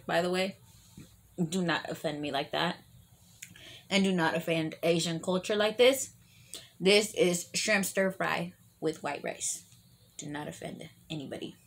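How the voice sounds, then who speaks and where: A woman telling a long story in a casual eating vlog, animated, swearing freely and full of fillers. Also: fairly low pitch.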